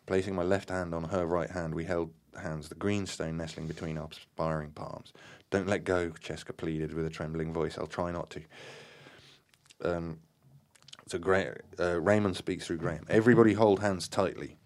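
A man with a very deep voice reads a supernatural story aloud. He stumbles and restarts often, adds casual remarks, and bursts into loud acted-out shouts for the characters. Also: flat delivery, normal speed. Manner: acts out shouted dialogue, many fillers and restarts. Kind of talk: reading aloud from a book with comments.

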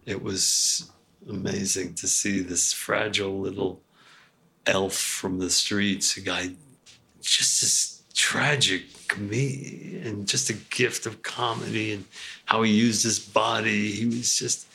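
An older male actor telling casual anecdotes in a rambling, animated way, full of restarts. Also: on the low side, slow, gravelly. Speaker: actor guest.

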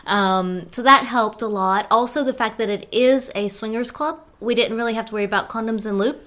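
A woman co-hosting a podcast, chatting casually and explaining things in a relaxed, matter-of-fact way. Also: fairly high pitch, a little fast. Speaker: podcast co-host. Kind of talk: casual chat.

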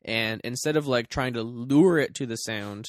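A man's voice: mid-range voice, normal speed, dry recording, studio quality. A man co-hosting a podcast, chatting about a movie with wry, jokey asides. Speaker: podcast co-host. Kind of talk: casual movie review chat.

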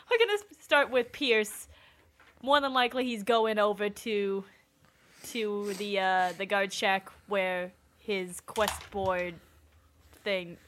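A woman acting as game master sets the scene for her players. She talks in a halting way, pausing on ums and restarting her phrases as she goes. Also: medium pitch, fairly bright tone. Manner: halting, filler-laden description. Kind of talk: narrating a tabletop game.

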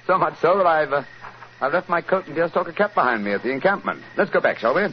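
An actor playing a calm, brilliant Victorian detective in a 1940s radio drama, crisp and unhurried. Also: male voice, a little high, natural voice. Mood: assured. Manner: crisp, unhurried, coolly amused. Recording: dull, faintly hissy 1940s radio broadcast.

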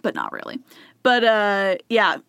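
A woman's voice: medium pitch, huge pitch swings, a little slow, gravelly, a bit bright, clean tone, no room sound, clean studio sound. A young woman co-hosting a podcast in casual chat, laughing often and talking with many fillers. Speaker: podcast co-host.

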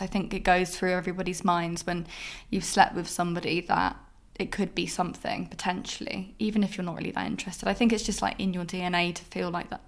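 Candid rambling woman podcaster. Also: on the low side. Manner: candid, rambling, heavy use of "like". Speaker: podcast host. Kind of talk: casual solo podcast monologue. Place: her flat.

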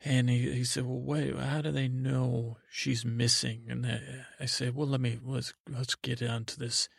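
Male host, gravelly and husky, monotone bedtime rambler, dry close mic. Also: mid-range voice, dry recording. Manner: meandering, halting, full of restarts and asides. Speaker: podcast host. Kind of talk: rambling sleepy storytelling.

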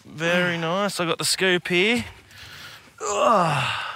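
An Australian man co-hosting a fishing podcast from a boat, easygoing, quick to laugh and cheer each catch. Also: sits high, lively intonation, sharp tone. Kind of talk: casual banter while fishing. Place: outdoors on a boat on a river.

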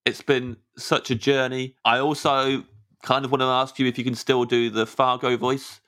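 A man's voice: mid-range voice, little pitch movement, moderate pace, fairly bright tone. A man hosting a podcast, chatting in a playful, self-mocking way. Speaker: podcast host. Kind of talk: casual chat.

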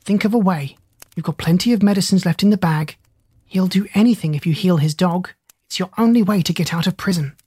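A reader voicing a clever, bossy female parrot who talks in an urgent, hushed way in a storybook. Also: medium pitch, a little fast, slightly rough, no echo, studio quality, close to an everyday voice. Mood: impatient. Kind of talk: audiobook character reading.

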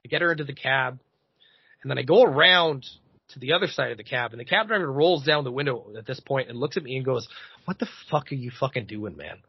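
A man in his thirties, a podcast host, telling a comedic story in an animated, profane way. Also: mid-range voice, fast, gravelly, breathy edge, dry recording, muffled recording. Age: 30s.

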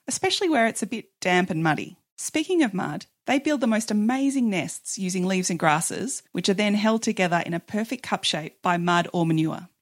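Woman podcast host, mid-pitched, casual scripted read with a wry touch. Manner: casual, chatty, light humour. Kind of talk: scripted narration.

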